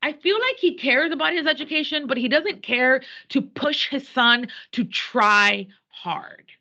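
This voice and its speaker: Bright-voiced bilingual woman teacher. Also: sits high, measured pace. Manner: animated, switches between English and Spanish. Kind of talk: classroom lecture on a play. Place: classroom. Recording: dull lo-fi classroom recording.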